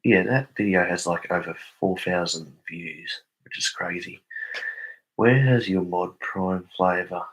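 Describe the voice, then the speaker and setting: A man's voice: low-pitched, unhurried, breathy edge, poor audio. A young Australian man on a casual live stream, reading viewer comments aloud and answering them.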